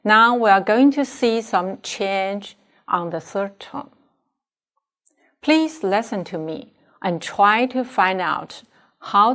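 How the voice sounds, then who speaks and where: Slow, deliberate woman teaching pronunciation. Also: medium pitch, expressive, a bit bright. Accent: Chinese. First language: Chinese. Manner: deliberate, models pronunciation for students to repeat. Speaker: Chinese language teacher. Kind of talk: slow, careful classroom instruction.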